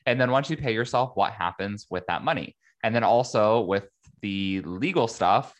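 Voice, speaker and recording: Casual male podcast host, low voice, chatty and upbeat, lots of ums and likes. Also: a bit bright. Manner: chatty, filler-heavy, upbeat and conversational. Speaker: podcast host, business educator. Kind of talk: casual solo podcast monologue.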